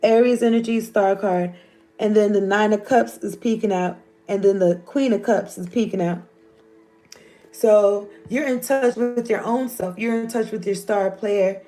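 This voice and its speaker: A woman's voice: mid-range voice, dark tone. A woman, giving a loose, joking, profane tarot reading. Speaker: tarot reader.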